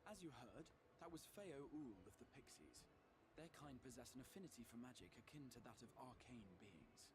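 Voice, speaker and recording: Formal fantasy elder voiced by an actor, archaic diction, animated pitch, noisy game audio. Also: male voice, brisk, close to an everyday voice. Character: courteous, formal male fantasy town elder. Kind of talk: video game voice acting.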